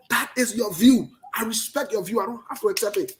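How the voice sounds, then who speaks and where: Liberian guy ranting about politics, loud, blunt, keeps repeating himself. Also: high-pitched, brisk, slight background noise. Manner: forceful, emphatic, repetitive, passionate. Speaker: political commentator. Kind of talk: political commentary.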